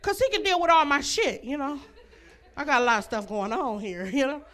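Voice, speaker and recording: Brash high-voiced woman doing stand-up. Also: a little fast, fairly bright tone. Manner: brash, laughs between jokes. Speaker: stand-up comedian. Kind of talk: stand-up comedy set. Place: comedy club stage.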